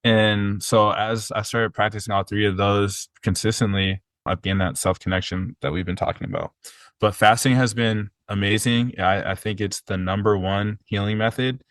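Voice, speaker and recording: A personal trainer appearing as a podcast guest tells stories in a casual, earnest way, rambling with fillers and restarts. His voice is fairly low, steady and a bit bright, at normal speed, with no room sound.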